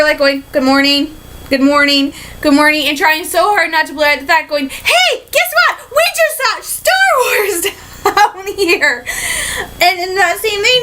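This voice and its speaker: A young woman from Michigan recapping a fan convention in a casual vlog, excitable and rambling, full of fillers and "like", sometimes slipping into a put-on British accent. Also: high voice, rough recording. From Michigan, USA. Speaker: vlogger.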